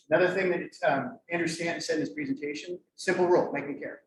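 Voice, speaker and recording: A middle-aged man presenting at a conference, lively and joking as he quizzes the audience. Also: a little high, quick pace. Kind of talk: interactive workshop talk. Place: conference room. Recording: echoey room, mic far off, faint noise.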